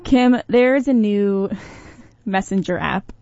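A woman's voice: mid-range voice, takes it slowly, a little mellow, dry recording, lo-fi sound. Playful woman co-hosting morning radio. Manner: playful, laughs while talking. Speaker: radio co-host. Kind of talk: casual morning radio banter.

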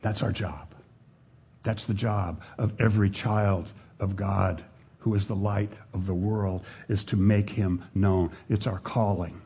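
A man preaches a sermon at a slow, deliberate pace. His voice is mellow and a little husky. He pauses often and sinks to a hush to stress a point. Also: fairly low pitch, fairly even intonation. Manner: slow, earnest, with pauses and dropping to quiet emphasis.

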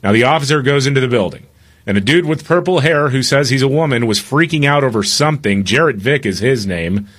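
A man co-hosting a podcast, telling stories in a casual, animated way and laughing as he talks. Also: medium pitch, fairly quick. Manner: animated storyteller, laughs while talking. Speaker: podcast co-host. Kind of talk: casual chat and storytelling.

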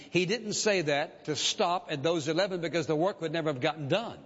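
A man preaching a sermon with emphasis, repeating key phrases and slowing down to quote scripture. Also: on the high side, breathy edge. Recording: dull recording with long reverb.

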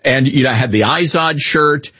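A middle-aged man hosting a radio talk show, chatting in an animated, joking, rambling way. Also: medium pitch, normal speed, slightly rough, no room sound. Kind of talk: casual opinion talk.

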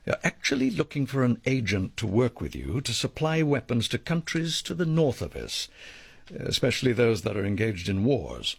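An actor in a radio drama playing a measured, formal leader of a covert team. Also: male voice, medium pitch, very animated, vocal fry, husky, no room sound, full character voice.

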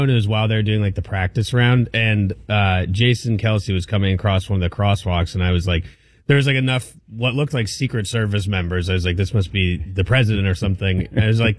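Male co-host with a lower voice, wry and offhand, recorded dry. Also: no echo. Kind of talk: casual talk show chat.

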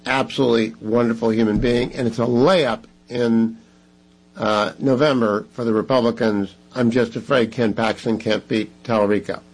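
A man hosting a talk radio show, making an emphatic, repetitive pitch to listeners. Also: fairly even intonation, normal speed, rough recording.

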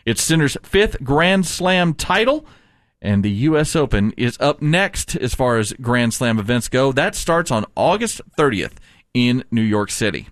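A man's voice: medium pitch, a little slow, dry recording, studio quality. A man hosting a casual sports news show, reading headlines and laughing with co-hosts. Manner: lively, laughs often, reads news items.

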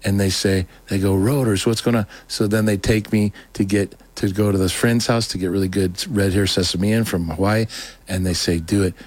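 Excitable man rambling through his story. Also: normal speed, dry recording. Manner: rambling, excitable, acts out quotes in a higher voice. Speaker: guest telling his testimony. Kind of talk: casual storytelling.

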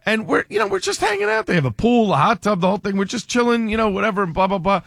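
A man's voice: high voice, fast, vocal fry, no room sound, clean studio sound. A middle-aged man co-hosting a show, chatting casually and acting out both sides of the conversations he retells. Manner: animated storyteller who acts out both sides of quoted dialogue. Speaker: radio show co-host. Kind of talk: casual morning-show banter.

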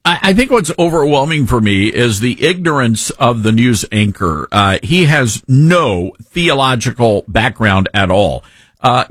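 A man's voice: mid-range voice, a bit bright, dry recording. A man hosting an opinionated commentary show, indignant and preachy, quoting scripture.

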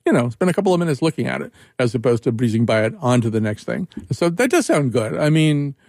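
A man's voice: fast talker, vocal fry, no room sound, clean studio sound. Chuckling man in his seventies hosting radio. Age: 70s. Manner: rambling, chuckling, lively swings in pitch. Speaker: radio show host. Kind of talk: casual radio chat.

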